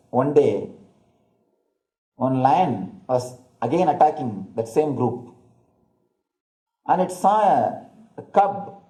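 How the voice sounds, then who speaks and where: A man, a spiritual teacher, telling a parable in a slow, deliberate discourse. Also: on the high side, dark tone. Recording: roomy hall echo.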